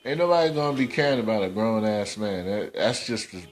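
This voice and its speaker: A man's voice: lowish voice, expressive, fairly quick. A man hosting a casual commentary podcast, scolding in slangy, repetitive talk. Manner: scolding, slangy, repeats himself. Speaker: host.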